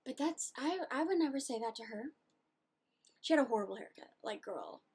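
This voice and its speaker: A woman's voice: sits high, expressive, brisk, darkish tone, slightly rough. A woman of eighteen, ranting animatedly and indignantly in a casual video journal. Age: late teens.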